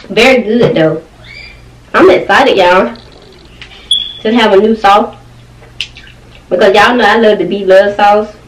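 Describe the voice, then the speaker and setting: Her mid-range voice is picked up from a distance with slight background noise in a roomy, off-mic home recording. She's a young mukbang vlogger reviewing food casually as she eats on camera, kids nearby, chatting and murmuring frequent "mm"s of approval.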